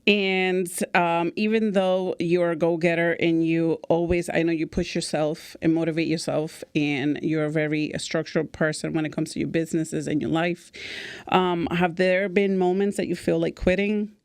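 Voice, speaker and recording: A woman's voice: fairly low pitch, little pitch movement, normal speed, a little mellow, clear, resonant tone, no room sound. A woman hosting an interview, affirming her guest and asking follow-up questions. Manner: affirming interviewer, frequent small agreements. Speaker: podcast host. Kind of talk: casual interview chat.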